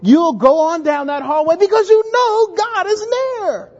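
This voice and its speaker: A male pastor preaching a sermon in an animated way, often restarting words and acting out voices in his stories. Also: extremely high pitch, measured pace, muffled recording.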